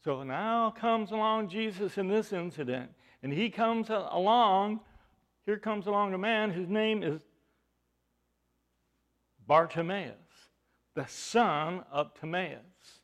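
A high-voiced man preaches a sermon, posing rhetorical questions. He swings between loud emphasis and hushed asides.

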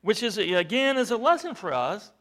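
A man preaching a sermon, halting with fillers at times and then rising to loud, stressed points. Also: high-pitched, sing-song.

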